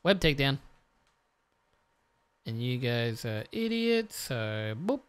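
A let's-play commentator who swears often and talks straight to the viewers, muttering to themself and then bursting out excitedly. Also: medium pitch, takes it slowly, smooth. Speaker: gameplay commentator.

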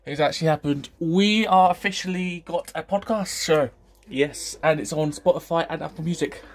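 Excited, breathless man. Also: on the high side, normal speed, slight background noise. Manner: excited and rambling. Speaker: YouTuber and podcast host. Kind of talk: casual vlog announcement.

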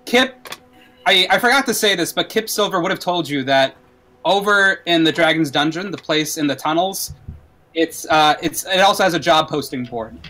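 A man's voice: fairly high pitch, moderate pace, poor audio. Man narrating as dungeon master. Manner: relaxed storytelling with fillers. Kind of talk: narrating a tabletop game.

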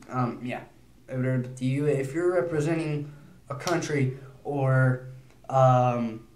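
A teenage boy vlogging in a casual, rambling way, nervous and prone to quick bursts of speech. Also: medium pitch, a little mellow, reverberant. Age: teens. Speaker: YouTuber.

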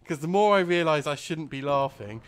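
A man with a slightly high voice, speaking at normal speed, hosts a let's play and chats casually while gaming. He rambles through a funny story and laughs easily.

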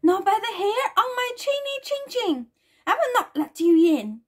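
A woman voicing a group of small, frightened little pigs in a storybook reading, quick, squeaky and defiant. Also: animated.

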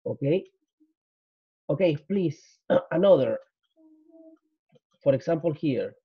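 A man with a Spanish accent teaching an English grammar lesson, explaining slowly, repeating points and switching into Spanish for his students. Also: fairly high pitch, animated, slightly rough, dry recording. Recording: dull lo-fi.

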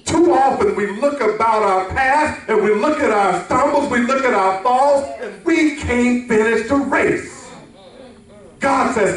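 A pastor with a very high voice delivers a sermon with call-and-response. He is recorded from a distance in a church sanctuary, and heavy reverb rings around every phrase. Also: measured pace, a bit bright. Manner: preaching with call-and-response to the congregation. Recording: echoey hall, mic from a distance.

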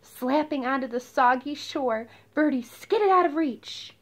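A woman reading a picture book aloud, expressive and pausing to explain words for children. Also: sits high, a little hiss or hum. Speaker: storybook reader.

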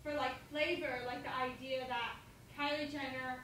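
A woman's voice: sits high, level tone, normal speed, sharp tone, echoey room, far from the mic, a little hiss or hum. A young woman in her twenties vlogging at home in a playful, joking, dramatic way. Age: 20s. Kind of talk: casual chat. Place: home room.

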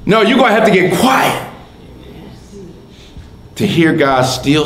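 Pastor preaching, kinda high voice, echoey church room, faint hiss. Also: male voice, very animated, slow pace, long pauses. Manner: swings from loud and shouting to soft whispers, repeats words. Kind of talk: sermon. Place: church sanctuary.

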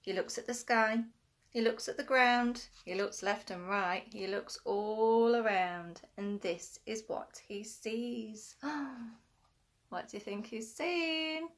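A woman's voice: on the high side, slow pace. A woman teacher reading a picture book aloud to young children, gasping often and asking them questions. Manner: animated, with frequent gasps and questions to the children. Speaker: infant school teacher.

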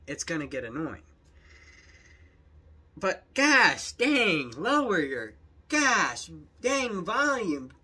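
A man's voice: a little high, bright, forceful tone, breathy edge. Exasperated young man ranting. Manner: exasperated, rambling, jokey. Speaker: youtube commentator. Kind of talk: reaction commentary.

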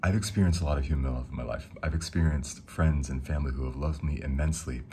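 Young man, extremely low voice, relaxed rambling devotional chat, faint hiss behind. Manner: reads scripture slowly. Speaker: Christian speaker. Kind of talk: casual devotional talk.

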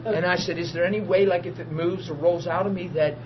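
A man preaching a testimony as a story, excitable, bursting into laughter and shouts. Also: high voice, quick pace. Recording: muffled recording with steady hum.

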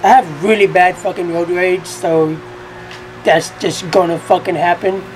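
A young woman commentating a racing game from her college dorm room. She keeps her voice quiet but breaks into profane, excitable outbursts. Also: on the low side, a little slow, slight background noise. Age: young adult. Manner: talking quietly. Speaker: gaming YouTuber. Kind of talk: gameplay commentary.

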